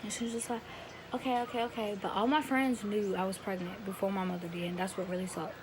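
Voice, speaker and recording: A teenage girl talks to her camera, retelling a personal story in a loose, rambling, emotional way with plenty of slang. Her voice sits at an ordinary middle pitch for a young woman. A steady hiss of room noise runs under the recording. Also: fast. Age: teens. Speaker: vlogger.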